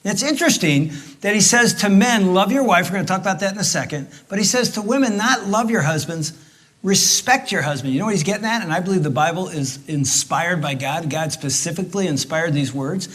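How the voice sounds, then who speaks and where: A middle-aged pastor teaching on marriage, voice sitting fairly high for a man. He tells stories with jokes, swinging from quiet asides to loud bursts. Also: a little fast. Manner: animated storyteller, jokey, big swings in volume. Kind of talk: sermon-style marriage teaching with his wife.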